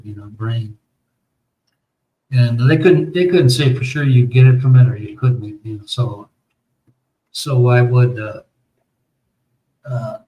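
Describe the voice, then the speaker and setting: On a muffled recording, a medium-pitched American man hosting a podcast spins a long, meandering story. His casual talk is profane and full of fillers and restarted sentences.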